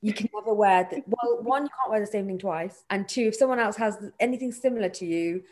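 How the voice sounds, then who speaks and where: A young woman co-hosting a casual podcast, animated and laughing, mimicking relatives' voices as she talks. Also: mid-range voice, quick pace. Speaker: podcast co-host. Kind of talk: casual film discussion podcast.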